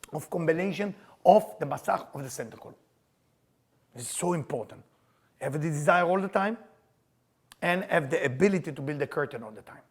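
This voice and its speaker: Older guy giving a kabbalah class, high voice, keeps repeating his questions, broken grammar. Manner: emphatic, repeats questions, non-native grammar. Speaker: Kabbalah teacher. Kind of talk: spiritual class lecture.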